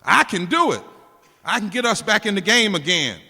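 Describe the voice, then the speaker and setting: A man's voice: high voice, big pitch swings, normal speed, sharp tone, voice pushed up, exaggerated voice. A man impersonating a fiery 1960s segregationist politician and bellowing a rally speech with bombast. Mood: fiery, rousing. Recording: long hall reverb.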